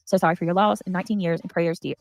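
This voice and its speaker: A woman's voice: fairly low pitch, fairly even intonation, very fast, dry recording. A woman chatting casually on a livestream, reading out and thanking donations.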